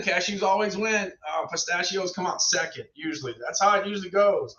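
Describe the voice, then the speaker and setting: A middle-aged man reviewing products on a livestream talks fairly quickly in a high, sharp voice. He chats casually and ramblingly with viewers, repeating himself, and the recording is roomy, distant, dull lo-fi.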